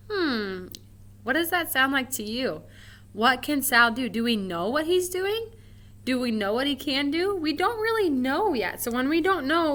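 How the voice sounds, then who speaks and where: A woman with a bright, clear voice pitched a little high leads a recorded lesson for young children. She is gentle and encouraging and keeps asking the class questions. She reads each example sentence slowly, stretching out the words with exaggerated feeling. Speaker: first grade teacher.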